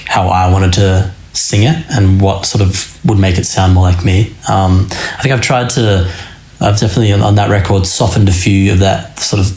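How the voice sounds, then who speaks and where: A man's voice: low-pitched, darkish tone. A young man, a rock band's singer, talking loosely in a casual podcast chat with many fillers and restarts. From Australia. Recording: roomy echo.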